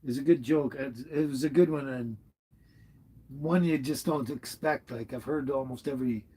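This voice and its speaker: This is a man chatting on a casual live stream. His voice is a bit husky and sits at an ordinary pitch. He rambles warmly, circles back on his thoughts and chuckles as he talks to viewers. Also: normal speed, low-quality recording. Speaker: livestream host reading chat.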